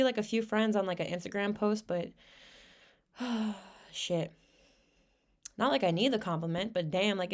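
Young woman rambling on her podcast, slangy and candid, cusses a lot, voice on the low side. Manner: slangy, candid, swears freely. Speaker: podcast host. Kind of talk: casual personal monologue.

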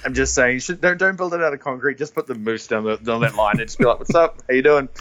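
A man's voice: mid-range voice, fast talker, pushed and bright. A man with a New Zealand accent, guest co-hosting a casual podcast chat, rambling through stories with laughs and restarts. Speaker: guest co-host.

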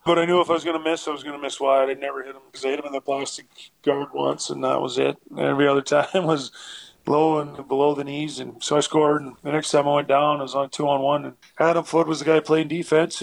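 A man's voice: a little high, gravelly. A man, a former hockey player, telling rambling stories in a casual interview, full of fillers and acted-out quotes.

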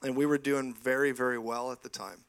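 A man in his forties preaching a lively sermon in a church, telling stories with laughing asides and frequent bursts of praise. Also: medium pitch, brisk, gravelly, clean tone. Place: church sanctuary.

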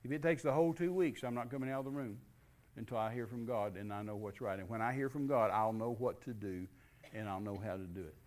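An older man, a preacher, telling a personal testimony in a lively storytelling way and acting out the dialogue he quotes. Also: on the low side, fast. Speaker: guest preacher.

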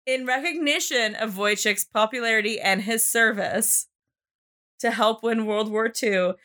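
Woman, casual storyteller, higher voice, animated, swears, lots of fillers. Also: measured pace. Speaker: podcast host telling a history story.

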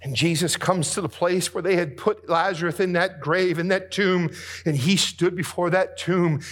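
A man preaching a sermon with dramatic swings between hushed, soft passages and booming, emphatic lines. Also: fairly even intonation, moderate pace, husky.

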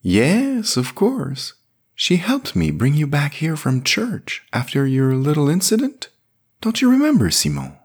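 A man voicing a kindly older male priest who speaks with gentle pastoral concern. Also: fairly high pitch, huge pitch swings, unhurried, husky, voice pushed up, exaggerated voice. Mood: gently concerned. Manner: warm, soothing pastoral concern. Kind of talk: audiobook character reading.

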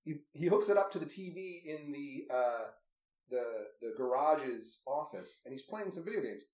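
Male podcast co-host, slightly higher voice, wry recap patter, echoey room. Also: expressive, normal speed, a little mellow. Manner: wry, recounting scenes with amused asides. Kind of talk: casual movie recap chat.

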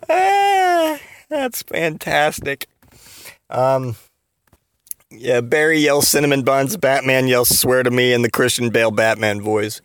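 A man's voice: mid-range voice, little pitch movement, normal speed, a bit bright, clear, resonant tone, no room sound, clean studio sound. A man hosting a comedy podcast, rambling through a giggly monologue full of fillers and restarts. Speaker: podcast host.

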